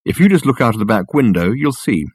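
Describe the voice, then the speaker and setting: A man voicing a smug, eccentric male private detective who lectures in a pompous, crisp way. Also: mid-range voice, very animated, fast, no echo, clean studio sound. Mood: lecturing.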